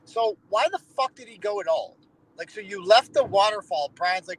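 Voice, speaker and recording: A man's voice: sits high, animated, normal speed, fairly bright tone, no echo, rough recording. A man from Massachusetts co-hosting a casual, profane commentary chat, sarcastic and exasperated, mocking people in put-on voices.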